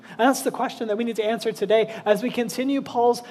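A man's voice: very high-pitched, steady tone, quick pace, a little mellow, slight background noise. A man, a pastor, preaching casually and telling a self-deprecating personal story with many fillers.

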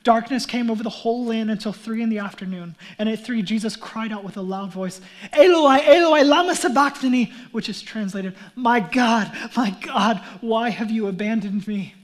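A man preaching a sermon as pastor, acting out crowd voices and moving from hushed whispers to shouts. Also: high voice, fairly even intonation, moderate pace, few pauses. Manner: dramatic, acts out mocking crowd voices.

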